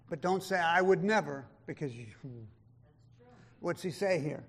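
High-voiced man preaching with emphatic swings. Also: moderate pace, vocal fry. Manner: emphatic, swings between loud and hushed; quotes scripture in old-style wording. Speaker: pastor. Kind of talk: sermon.

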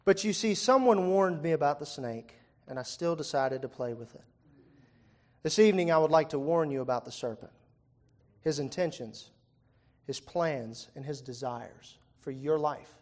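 Male pastor, young, slightly high voice; relaxed, chatty preaching style with crowd questions. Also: moderate pace. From Virginia. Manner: conversational, asks the congregation questions, wry asides. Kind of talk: sermon. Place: church hall before a congregation.

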